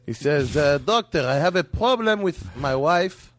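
A man telling a long joke on a podcast in broken English, laughing at his own lines and shouting the doctor's part. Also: on the high side, expressive, a little slow, a little hiss or hum. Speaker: comedian guest.

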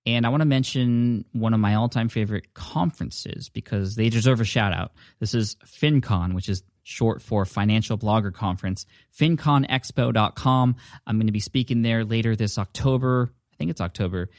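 Chatty podcast guy, lowish voice, dry close mic at home. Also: moderate pace, no echo. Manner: upbeat, chatty. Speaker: podcast host. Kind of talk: casual podcast talk. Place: home office. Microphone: studio dynamic mic at a desk.

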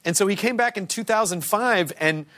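A man's voice: high voice, a little fast, a bit bright. A man hosting a casual interview, enthusiastic and cutting in with questions. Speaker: host.

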